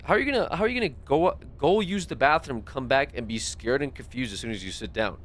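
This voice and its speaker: A man's voice: fairly high pitch, sing-song, quick pace, hardly any pauses, a bit bright. A man streaming a game live, talking back to his chat in an exasperated, swearing rant. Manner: frequent swearing. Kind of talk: live gaming stream commentary.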